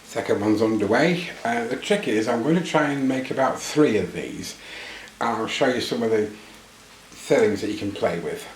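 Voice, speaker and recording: A British man with a fairly low voice talks through a cooking demonstration in his home kitchen. He cracks self-deprecating jokes and keeps things casual. The room is echoey, with faint background noise. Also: animated, normal speed. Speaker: vlogger.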